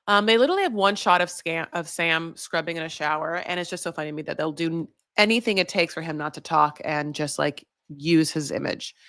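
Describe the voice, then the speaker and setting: Rambling woman recapping TV, low voice. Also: fairly bright tone, no echo, studio quality. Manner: rambling, full of "like" and "you know". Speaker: recap vlogger. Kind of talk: casual TV recap.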